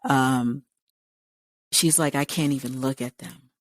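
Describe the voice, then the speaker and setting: A woman's voice: rumbling low, a little slow, no echo, clean studio sound. A woman co-hosting a radio talk show, telling a long story casually and acting out the people's lines as she goes. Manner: animated retelling, acting out quoted lines. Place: radio studio.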